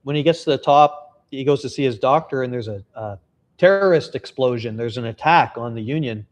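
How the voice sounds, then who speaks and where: A man's voice: mid-range voice, animated, fairly quick. Chatty man giving a casual vlog update. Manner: chatty, candid, swears casually. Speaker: travel vlogger and novelist.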